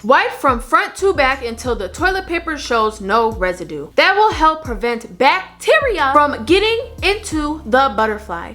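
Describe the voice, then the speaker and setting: A woman's voice: high voice, fairly bright tone. A young adult woman giving blunt, emphatic advice in a casual vlog, scolding her viewers and stressing her points. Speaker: vlogger. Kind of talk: casual advice talk to camera.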